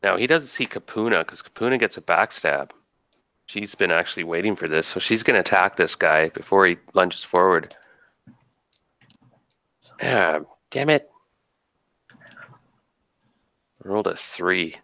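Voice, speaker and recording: A man's voice: low-pitched, animated, measured pace, long pauses, pushed and bright, no room sound. A man running a tabletop game as game master, casually narrating combat and thinking aloud over dice rolls.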